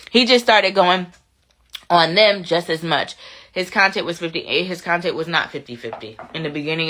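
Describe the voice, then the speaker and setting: A woman's voice: fairly low pitch, fairly bright tone. A woman hosting a casual commentary show, reading viewer comments and repeating phrases to drive her points home. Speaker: commentary channel host.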